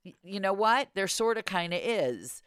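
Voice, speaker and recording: A woman hosting a podcast in casual chat, telling stories in an animated, exasperated way. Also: mid-range voice, moderate pace, smooth, dry recording, studio quality. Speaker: podcast host.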